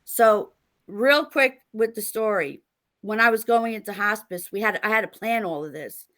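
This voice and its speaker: A middle-aged woman, a guest author on a podcast, tells stories in a lively, laughing way and acts out the people she quotes. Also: mid-range voice, normal speed. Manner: animated, laughing storyteller acting out quotes. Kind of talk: casual interview storytelling.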